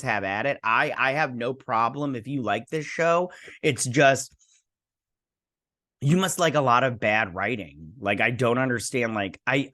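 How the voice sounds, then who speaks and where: A man's voice: medium pitch, a bit bright, no room sound, clean studio sound. A man hosting a casual video review, emphatic and repetitive, saying "like" a lot. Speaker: host.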